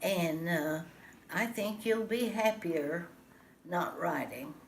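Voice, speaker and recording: A woman's voice: fairly low pitch, slow, roomy sound, slight background noise. A woman voicing a patient male beaver who drives a wagon, plain and matter-of-fact. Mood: firm.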